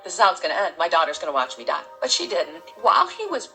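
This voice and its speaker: A middle-aged woman, an interview guest, gives a halting, heartfelt personal testimony full of restarts. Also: on the low side, huge pitch swings, sharp tone, soft background music, poor audio.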